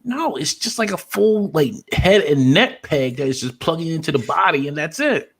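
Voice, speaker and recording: A man's voice: on the high side, animated, normal speed, fairly bright tone, husky. A man co-hosting a podcast in casual chat, rambling, apologizing and swearing freely. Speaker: podcast co-host.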